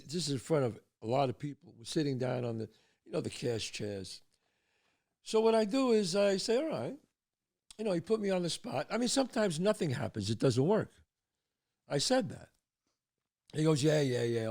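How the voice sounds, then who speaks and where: Gravelly, animated older male storyteller. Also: mid-range voice. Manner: animated storyteller, drops to hushed tones for suspense. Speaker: podcast host. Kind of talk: casual storytelling.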